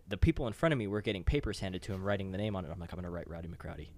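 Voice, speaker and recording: A man's voice: low voice, expressive, racing, a little mellow, dry recording. Profane laughing male podcast storyteller. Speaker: podcast co-host. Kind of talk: casual storytelling chat.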